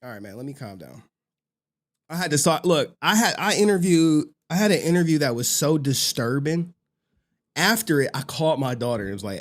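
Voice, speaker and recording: Slangy livestream host guy, fairly high voice, swings all over the place, gets loud and hyped. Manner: animated, excitable, slangy, quick to shout and laugh. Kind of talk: livestream commentary reading super chats.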